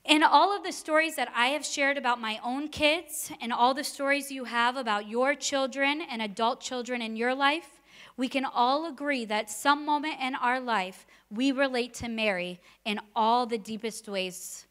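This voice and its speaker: Bright, lively woman preaching a sermon. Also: high voice, normal speed. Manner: conversational, personal stories, rhetorical questions.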